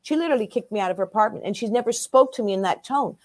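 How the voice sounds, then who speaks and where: Woman, sixties, interview guest, animated storytelling, mid-pitched voice, dry sound. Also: rapid-fire, no echo. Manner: lively storyteller who acts out quoted voices.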